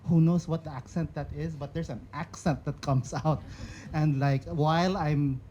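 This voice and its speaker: A man's voice: fairly high pitch, fairly even intonation, moderate pace, warm tone. A man from the Philippines whose first language is Cebuano, speaking English with a Filipino accent on a discussion panel, reflective and chatty with lots of fillers. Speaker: panelist poet. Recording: slightly muffled with faint noise.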